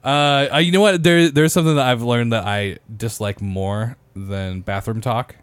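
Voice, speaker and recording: A man's voice: medium pitch, moderate pace, clean tone, no room sound. A young man on a casual podcast, joking crudely and laughing as he tells stories. His voice is close to the mic and dry, with little room sound. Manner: swearing, laughing storyteller. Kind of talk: casual chat.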